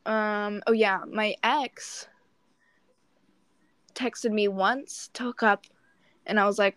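A woman's voice: mid-range voice, fairly even intonation, slow, long pauses, a bit bright. Young woman rambling through a dating story. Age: young adult. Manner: rambling, swears often, acts out dialogue. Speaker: podcast co-host. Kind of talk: casual storytelling chat.

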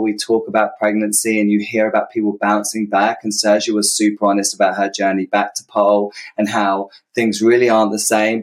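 British guy hosting a podcast, kinda low voice, super bubbly, trips over his words a bit. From United Kingdom. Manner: bubbly and effusive, with restarts. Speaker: podcast host. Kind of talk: casual interview chat.

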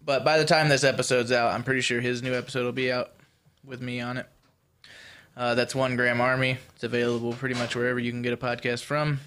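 A man's voice: medium pitch, flat delivery, quick pace, fairly bright tone, a little hiss or hum. A man co-hosting a podcast in casual chat, joking and swearing loosely as he runs through plugs and intros. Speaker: podcast co-host.

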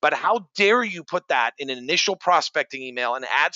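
Fast-talking bright-voiced man ranting. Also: on the high side, expressive, no echo, dull audio. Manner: fired-up ranting, sarcastic. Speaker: sales podcast co-host. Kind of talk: casual chat.

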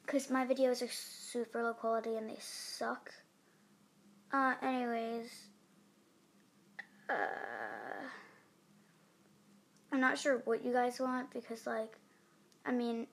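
A woman's voice: on the high side, gravelly. A teenage girl hosting her own podcast, rambling and giggly with lots of fillers. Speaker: podcast host. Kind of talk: casual chat.

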